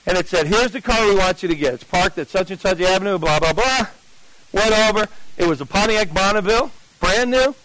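A man's voice: high-pitched, fairly quick, fairly bright tone, no room sound, rough recording. An older man, telling his life story as a testimony and acting out the voices of the people in it. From New Jersey.

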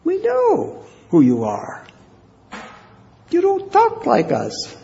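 A preacher putting on a sure-of-himself male accuser, pitched high and insistent, leaning on each word. It sounds muffled and lo-fi, with a gravelly edge. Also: huge pitch swings, slow, warm tone, exaggerated voice. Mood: accusing.

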